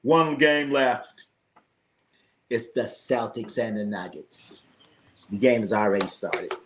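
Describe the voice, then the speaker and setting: A man's voice: on the low side, slow pace, slight background noise. A man hosting a casual live sports stream, ranting with lots of swearing and reading chat comments aloud. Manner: profane, animated ranting. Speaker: sports livestream host.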